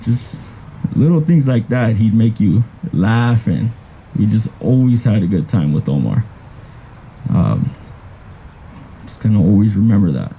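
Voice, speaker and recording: A man speaking at a cousin's graveside, telling funny memories in a halting way with restarts. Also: on the low side, very animated, a little hiss or hum, low-quality recording. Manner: halting, with restarts and soft trailing phrases. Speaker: cousin giving a eulogy. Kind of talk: graveside eulogy with anecdotes. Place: outdoors at a graveside.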